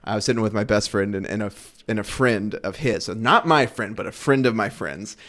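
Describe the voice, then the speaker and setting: A man co-hosting a podcast, telling animated anecdotes in casual conversation, with many fillers and restarts. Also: lowish voice, a little fast. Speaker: podcast co-host.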